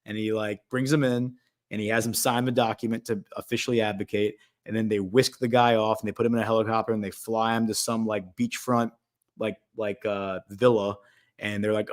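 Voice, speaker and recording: A man's voice: lowish voice, little pitch movement, a little fast. A man hosting a casual talk show, telling a long story full of fillers and acted-out quotes. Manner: rambling, filler-heavy, acts out quotes. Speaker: podcast host.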